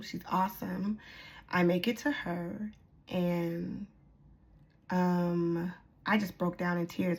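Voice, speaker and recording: A woman's voice: fairly low pitch, creaky. A woman vlogger talking candidly and chattily about her health, full of fillers and asides. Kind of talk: casual personal vlog. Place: lives on a military post.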